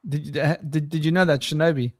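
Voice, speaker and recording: A man with a somewhat high voice hosts a loose podcast conversation. He rambles, stumbles over his words and chuckles between thoughts. The sound is dry and close, with no room around it. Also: steady tone, fairly quick, no echo. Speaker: podcast host. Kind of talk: casual chat.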